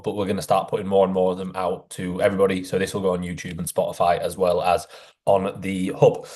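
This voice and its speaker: Very low-voiced male podcast host. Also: darkish tone. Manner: joking, loose banter with fillers. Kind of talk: casual chat.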